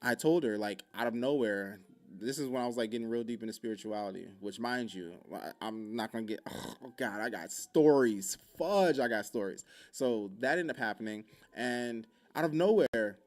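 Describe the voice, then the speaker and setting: A man's voice: mid-range voice, normal speed, hardly any pauses. A man hosting a podcast, telling a story in loose, profane casual talk full of fillers. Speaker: podcast host.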